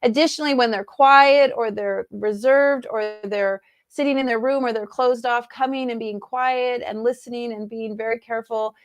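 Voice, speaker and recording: A woman's voice: a little high, normal speed, hardly any pauses. A woman in her forties hosting a casual interview chat, enthusiastic and affirming. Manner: enthusiastic, affirming, lively storytelling. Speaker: host.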